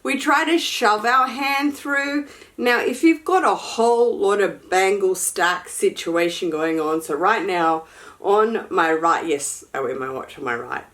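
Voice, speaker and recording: Brief: woman vlogger, casual unboxing talk, frank and chatty, mid-pitched. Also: fairly bright tone. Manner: frank, chatty, sassy asides. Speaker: luxury fashion vlogger. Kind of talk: casual unboxing chat to camera.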